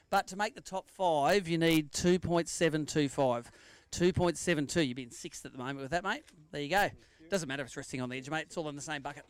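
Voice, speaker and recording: A clean, dry recording captures an Australian man whose voice runs on the high side. He's emceeing a live fishing tournament weigh-in, joking around with anglers and reading out weights and standings.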